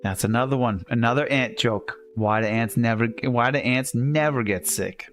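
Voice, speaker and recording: A man's voice: mid-range voice, normal speed, fairly bright tone. A male livestreamer rambles through dad jokes with self-amused asides, his voice sitting in a middle range. Faint music plays beneath his talk. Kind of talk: casual chat while gaming.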